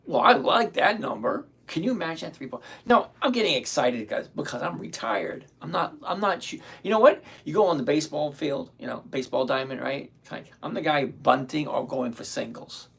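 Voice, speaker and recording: A hoarse man in his sixties hosts a live stream, walking viewers through trades in a chatty, upbeat way. His voice sits a bit high, with gravel and a husky edge as it wears out. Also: animated, brisk, hardly any pauses, a bit bright. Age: 60s. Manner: chatty, upbeat, explains step by step. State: hoarse, voice giving out. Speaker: livestream host.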